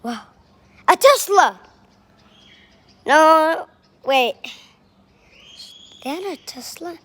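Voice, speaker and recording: A woman narrating a playful toy role-play, excitable and exclaiming. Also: high voice. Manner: excitable, exclaiming, drawn-out words. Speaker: video maker playing with toys.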